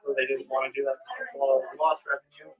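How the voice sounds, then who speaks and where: A man's voice: medium pitch, little pitch movement, quick pace, recorded from a distance, phone-quality sound. A man casually telling an easygoing story about his work. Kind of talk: casual chat.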